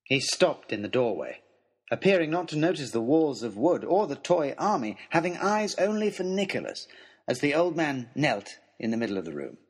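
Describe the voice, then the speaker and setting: Animated male storybook narrator. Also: on the high side, normal speed, husky. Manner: dramatic, animated first-person reading.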